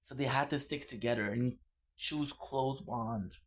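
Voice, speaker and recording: A man's voice: medium pitch, unhurried. A man streaming live, chatting casually with viewers in a playful, teasing way, often repeating himself. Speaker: live streamer reading chat.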